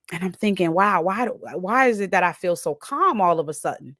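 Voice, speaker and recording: A woman hosting her own talk, telling a personal story in an animated way, acting out her inner thoughts and often adding "right?". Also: fairly low pitch, brisk, few pauses, no room sound, studio quality. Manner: frequently adds "right?" tags. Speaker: host.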